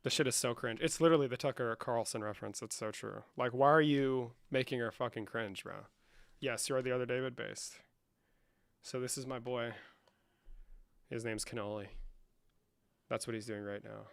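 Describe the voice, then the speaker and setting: A man hosting a livestream in a casual, profane, slangy manner, saying "bro" a lot and swinging between low muttering and loud outbursts. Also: fairly even intonation, normal speed, gravelly, pauses often, dry recording. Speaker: livestream host.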